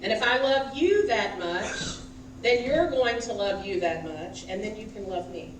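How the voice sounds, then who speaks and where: A woman's voice: mid-range voice, expressive, unhurried, noisy background. A woman minister giving a conversational sermon in a church and questioning the congregation directly. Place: church sanctuary. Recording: echoey hall, picked up from a distance.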